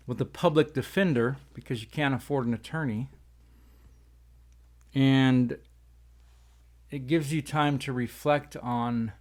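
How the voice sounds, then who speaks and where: A man hosting a casual talk show, rambling and folksy while talking around tobacco in his mouth. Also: medium pitch. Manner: rambling, folksy, says "y'all". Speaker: host.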